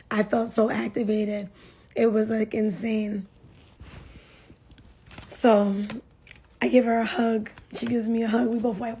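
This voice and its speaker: A woman's voice: fairly high pitch, dark tone, breathy edge. A young woman giving a casual spoken testimony, chatty, full of fillers and repeated phrases. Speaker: churchgoer sharing a testimony.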